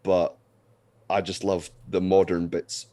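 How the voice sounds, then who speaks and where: A man co-hosting a podcast, reviewing a film in a dry, sarcastic, deadpan way. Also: low voice, takes it slowly, dry recording. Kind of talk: casual film review chat.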